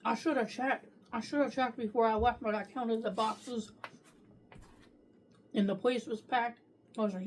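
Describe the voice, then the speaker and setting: A woman's voice: a little high, steady tone, moderate pace, pauses often, a little hiss or hum. A woman reviewing takeout food on camera in a casual, profane way, talking while she eats and ranting freely. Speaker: food vlogger.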